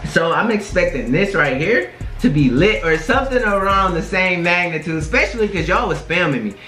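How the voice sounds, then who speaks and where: Bright-voiced young man in an echoey room. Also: sits high, animated, moderate pace. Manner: slangy and laid-back, sprinkling in "bro" and "bruh". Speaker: reaction video host. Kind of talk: casual reaction commentary. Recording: roomy echo with faint music. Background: faint music from the video being reacted to.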